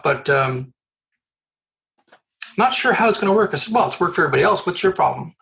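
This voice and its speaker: A man from Canada, a recruiter guest on a podcast, telling animated stories with acted-out dialogue and frequent restarts. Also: fairly high pitch, fast, gravelly, long pauses. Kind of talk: storytelling interview answers.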